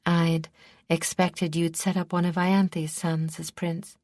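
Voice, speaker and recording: A woman's voice: on the low side, little pitch movement, slow, darkish tone, no room sound, clean studio sound. A woman narrator voicing an ambitious young princess who sounds demure but calculating. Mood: scheming.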